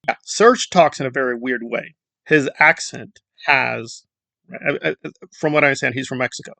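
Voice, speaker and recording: Gravelly sarcastic man ranting. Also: mid-range voice, moderate pace, sharp tone, no room sound. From Central America. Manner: sarcastic, rambling, mocking asides. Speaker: commentary YouTuber. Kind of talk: casual commentary monologue.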